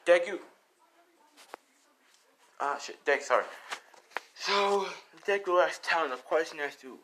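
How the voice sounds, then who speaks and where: A man's voice: a little high, moderate pace, pauses often, bright, forceful tone, a little hiss or hum. Rambling man telling a casual story. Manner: rambling, self-correcting, swearing. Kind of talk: casual improvised fan-story narration.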